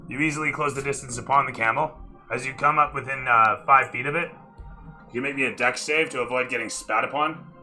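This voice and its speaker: A man's voice: medium pitch, brisk, sharp tone, faint music behind, low-quality recording. A man running a tabletop role-playing game as dungeon master, narrating scenes like camera shots and dropping into casual, swearing asides.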